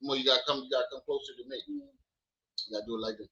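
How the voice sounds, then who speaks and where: A man hosting a casual live stream from home, teasing his kids loudly and then chatting with viewers. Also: mid-range voice, racing, highs cut off. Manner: loud playful teasing with his kids, then relaxed talk. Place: at home with children.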